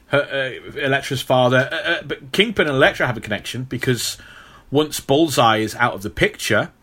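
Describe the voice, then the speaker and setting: Bright-voiced man, rambling and teasing. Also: medium pitch, normal speed, slightly rough. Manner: rambling, teasing, many restarts. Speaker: podcast co-host. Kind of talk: casual movie podcast chat.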